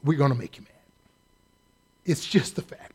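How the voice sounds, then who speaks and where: A man preaching a sermon in a conversational, animated way, joking and mimicking people as he goes. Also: medium pitch, normal speed, husky. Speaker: pastor.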